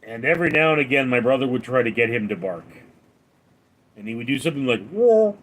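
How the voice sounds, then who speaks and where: A man's voice: medium pitch, quick pace, a bit bright. A man hosting a casual live stream, reading viewers' names and questions aloud and answering them in a dry, offhand way.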